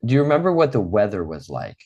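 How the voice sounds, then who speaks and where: A man teaching an online English class, patient and encouraging, drilling words slowly and clearly. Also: lowish voice, huge pitch swings, a little mellow, lo-fi sound.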